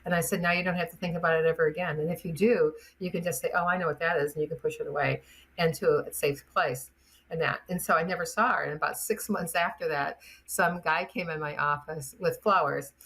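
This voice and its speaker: A middle-aged woman, a chiropractor guest, chatting in an interview and telling lively stories with acted-out quotes. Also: sits low, a little fast. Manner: chatty, animated storyteller acting out quotes. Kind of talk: casual interview storytelling.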